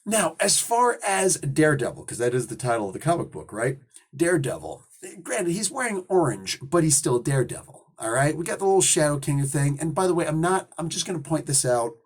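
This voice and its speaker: Husky, animated comic reviewer man. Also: a little high, fairly quick. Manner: slangy, excitable, laughs often. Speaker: comic book reviewer and host. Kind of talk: casual slangy review.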